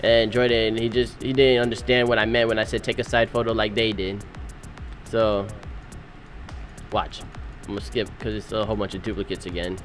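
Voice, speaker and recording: A young man, recently married, narrating his wedding photos in animated, slangy, casual storytelling. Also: on the low side, faint music behind. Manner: animated, slangy storytelling with quick voice-acted quotes. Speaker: groom.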